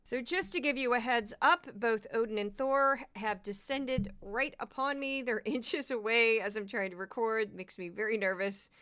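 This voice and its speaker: A woman hosting a casual commentary podcast, chatty and prone to quick asides and repeated words. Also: on the high side, fairly bright tone, clean tone. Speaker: podcast host.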